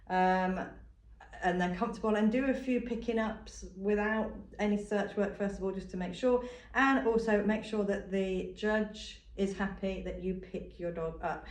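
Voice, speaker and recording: A woman dog trainer explains a technique step by step with patient, repeated reminders. Her voice sits at an ordinary middle pitch. It comes across roomy and a little distant from the mic. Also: a little mellow. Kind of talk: instructional demonstration.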